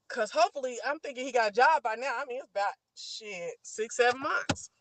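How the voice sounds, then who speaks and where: A woman's voice: on the high side, brisk, a bit bright, a little hiss or hum, rough recording. A middle-aged woman hosting a livestream, chatting casually and telling a story to her viewers, whom she keeps calling "girl". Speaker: livestream host. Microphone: streaming mic.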